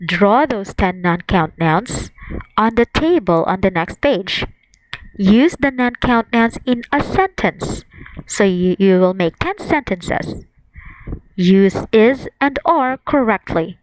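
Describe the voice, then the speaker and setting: A woman teaching an online language lesson, saying each word slowly and clearly and repeating it for her students. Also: medium pitch, lively intonation, slight background noise, low-quality recording.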